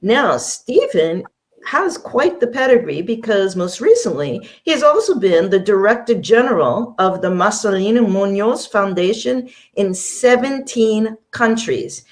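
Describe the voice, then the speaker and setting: A woman's voice: mid-range voice, sing-song, measured pace. A woman hosting an interview show, reading a formal introduction and asking questions. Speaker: show host.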